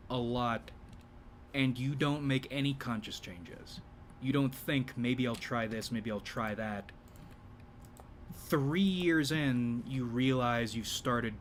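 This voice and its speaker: A man hosting a YouTube channel in a rambling, casual monologue, speaking in a deliberately low register with a slight vibrato. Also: a little hiss or hum. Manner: rambling, with frequent restarts and profanity.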